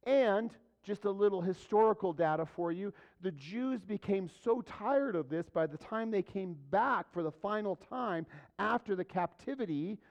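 Higher-voiced pastor preaching on a dull recording. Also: male voice, animated, normal speed, creaky. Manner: conversational preaching with rhetorical questions. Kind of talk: sermon.

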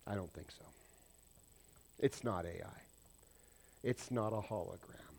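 A man preaching a sermon, swinging between loud, excited points and quiet, confiding asides, often asking the congregation questions. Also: on the low side, measured pace, creaky. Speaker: pastor.

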